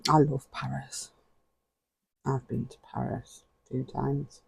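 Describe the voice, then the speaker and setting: A relaxed man talks slowly in a low-key, mellow voice that carries a husky, gravelly grain. He leafs through pages as he chats directly to the viewer and chuckles often. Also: poor audio. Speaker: vlogger. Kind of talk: casual flip-through commentary.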